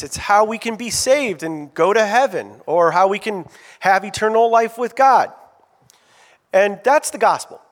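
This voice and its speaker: A man preaching a sermon as pastor, animated, drawing call-out answers from the congregation. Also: sits high. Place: church sanctuary. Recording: long reverb of a church hall.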